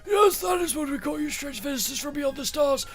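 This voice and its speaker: 男性配信者が演じる高く揺れる声の小柄な老人. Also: male voice, very high-pitched, animated, soft background music, voice pushed up. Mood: pleading. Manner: wary, pleading, drawn-out hums. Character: small, timid old man hermit. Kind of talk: game dialogue read-aloud.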